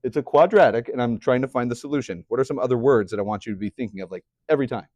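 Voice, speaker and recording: A man's voice: medium pitch, very fast, a little mellow, no room sound. A young man teaching a math class, chatty, often putting questions to the students. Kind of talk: classroom lecture.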